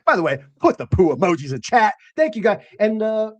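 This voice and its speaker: Guy hosting a chat show, cusses constantly, goes off on tangents, pitch jumps all over. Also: fairly quick. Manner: animated, profane, rambling. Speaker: host. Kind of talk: casual chat.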